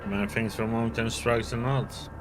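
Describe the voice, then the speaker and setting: A man's voice: mid-range voice, little pitch movement, a little fast, over music. A man playing a video game, casually reading its narration aloud. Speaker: game streamer.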